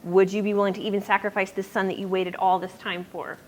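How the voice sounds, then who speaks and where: A woman's voice: mid-range voice, level tone, quick pace, slight background noise, natural voice, rough recording. A woman voicing God in a retold scripture story, speaking plainly and patiently without a put-on voice. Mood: reassuring.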